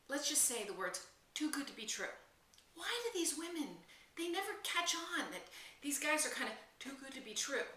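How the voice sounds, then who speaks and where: A woman talks excitedly about movies straight to camera, her bright, high voice leaping up and down as she gushes. The sound is roomy and a little distant from the mic, and she chats with easy, animated energy. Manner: gushing, animated, chatty. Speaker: film vlogger host. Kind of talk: excited casual film chat to camera.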